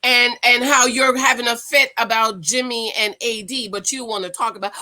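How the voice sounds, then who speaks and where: A woman vlogging at home, giving a chatty, excitable recap of a reality dating show straight to her viewers. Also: on the high side, normal speed, hardly any pauses. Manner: gossipy, excitable, talks straight to viewers as "girl". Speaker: YouTube host reviewing a reality dating show. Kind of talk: casual chatty recap to camera. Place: at home indoors.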